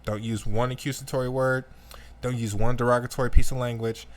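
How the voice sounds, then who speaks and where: A man's voice: mid-range voice, brisk. A man giving casual reaction commentary on a video clip, ranting and speaking to his audience directly. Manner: animated, ranting, addresses the audience.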